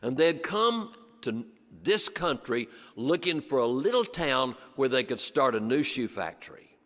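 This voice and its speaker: An older man tells a story before a church audience. His voice sits in a middle register and leans on rhythmic repetitions that fall low and quiet on the refrains. The recording carries the long reverb of a large church. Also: big pitch swings, unhurried. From western North Carolina. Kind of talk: storytelling performance.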